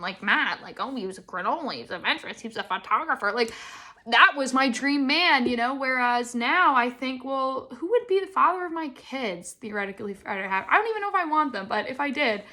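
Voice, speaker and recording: Bright-voiced young woman rambling on a podcast. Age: 20s. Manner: rambling, self-deprecating, laughs often with sudden loud high bursts. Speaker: podcast host. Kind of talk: casual solo podcast chat.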